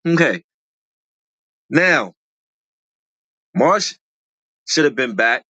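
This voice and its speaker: A reality show commentator in casual commentary, slangy and animated, repeating lines for emphasis, with a voice that jumps high when excited. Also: drawn-out words, no echo.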